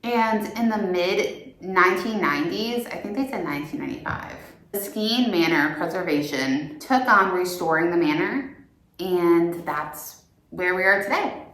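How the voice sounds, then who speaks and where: A young woman hosts a casual ghost-hunting vlog from inside an old manor, talking at an unhurried pace. Her voice bounces around a very echoey room. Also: lowish voice, lively intonation, a bit bright. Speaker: paranormal investigator and vlog host. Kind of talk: casual vlog chat and ghost-hunt narration.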